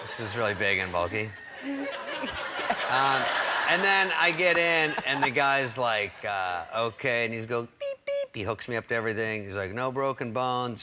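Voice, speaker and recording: Male comic guest, lively storyteller who voices every character, noisy track. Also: fairly low pitch. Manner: animated, acts out quoted voices. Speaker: guest comedian. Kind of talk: comic storytelling on a talk show.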